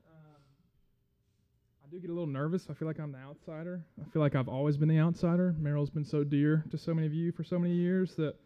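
Male guest preacher, fairly high voice, friendly and halting, on a dull lo-fi recording. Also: fairly even intonation. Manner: friendly, self-deprecating, halting with many fillers. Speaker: guest church speaker. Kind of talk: casual sermon.

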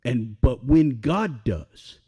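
Man, pastor, sermon, conversational, mellow voice, middle-aged. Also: mid-range voice, lively intonation, takes it slowly, slightly rough. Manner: conversational, asks the audience questions.

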